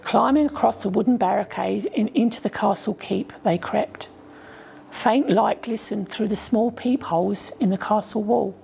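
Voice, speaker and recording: Gravelly-voiced woman reading a storybook. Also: mid-range voice, moderate pace, a little hiss or hum. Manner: gentle storyteller, voices the children lightly. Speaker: author reading her story. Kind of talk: storybook narration.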